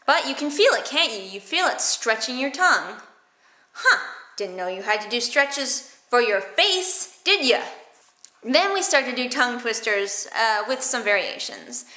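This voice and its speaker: A woman's voice: on the high side, big pitch swings, normal speed, sharp tone. Playful woman in an echoey room. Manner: playful, exaggerated mouth movements. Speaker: theatre teacher. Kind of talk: demonstrating vocal warmups.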